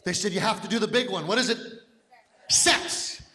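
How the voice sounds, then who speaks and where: Loud, bright-voiced stand-up man in his 50s. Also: high-pitched, racing. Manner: loud, physical storytelling with shouted punchlines. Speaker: stand-up comedian. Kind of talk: stand-up comedy set. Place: comedy club stage. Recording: live hall reverb with faint noise. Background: audience laughter.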